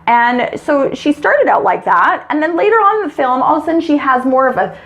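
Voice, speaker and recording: A young adult woman talking casually as a film reviewer on her vlog, chatty and expressive, with animated grossed-out reactions. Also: sits high, brisk.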